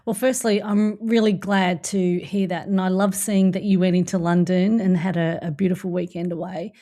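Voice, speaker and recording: Mellow-voiced playful woman host. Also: lowish voice, steady tone, moderate pace. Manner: playful, jokey, warmly encouraging. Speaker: podcast host. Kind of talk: casual podcast chat.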